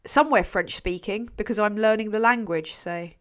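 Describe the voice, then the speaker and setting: Speaking briskly at a medium pitch, a woman from England hosts her channel's casual live stream and reads out viewer comments. She's rambling and self-mocking, swears without hesitation, and often trails off mid-sentence.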